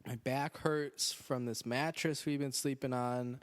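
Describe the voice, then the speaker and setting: A man hosting a podcast in a dry, sarcastic voice, full of deadpan jokes. He talks in a casual, rambling way, pitched in the middle range for a man. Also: a little slow, clean tone. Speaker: podcast host. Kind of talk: casual chat. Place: indoors on a couch.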